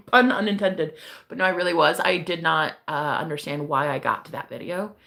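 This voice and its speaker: A woman's voice: mid-range voice, expressive, unhurried, creaky, pauses often, sharp tone. A young woman hosting a casual livestream as a psychic reader. She chats with viewers, laughs often and swears casually.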